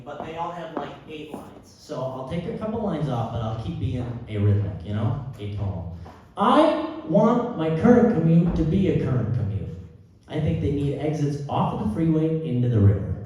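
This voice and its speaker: Man doing deadpan stand-up in a roomy theater. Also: medium pitch, a little hiss or hum. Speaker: stand-up comedian. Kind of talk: live stand-up set. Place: theater stage before a live audience. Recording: roomy hall audio from a distance with crowd. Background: audience laughter.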